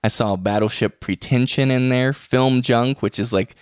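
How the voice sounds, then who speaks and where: A man's voice: mid-range voice, steady tone, normal speed, clean tone, no echo. A man hosting a podcast in casual chat, chatty and laughing often. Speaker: podcast host. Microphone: podcast microphone.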